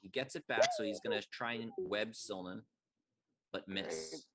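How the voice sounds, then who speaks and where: Against a loud crowd, a fairly low-pitched man narrates a tabletop game as its game master. He sounds relaxed but halting, leaning on many fillers.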